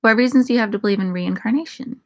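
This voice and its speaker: A woman's voice: fairly high pitch, rapid-fire. A young woman in casual Q&A chat, answering viewer questions with irreverent, profane, laughing banter. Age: young adult.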